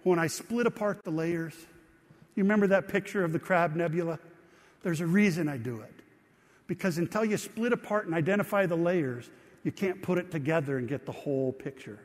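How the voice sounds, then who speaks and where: Speaking fairly quickly, a middle-aged pastor gives a sermon in a church sanctuary, in an easy storytelling style that often turns to the listeners with questions. For a man, his voice sits somewhat high, and the long reverb of the church hall rings around it.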